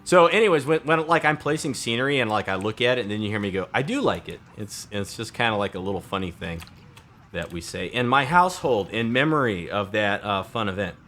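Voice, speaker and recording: A man's voice: lowish voice, brisk, a bit bright, faint music behind. A man in his thirties thinking aloud as he builds in a game, casual and chatty. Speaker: let's play host. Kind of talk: casual gameplay commentary.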